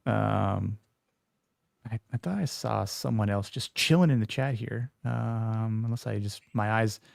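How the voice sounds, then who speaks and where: Gravelly laid-back man hosting a stream. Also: fairly low pitch, a little slow, no room sound. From Florida. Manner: laid-back, greets chat viewers by name. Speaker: podcast co-host. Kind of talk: casual livestream chat.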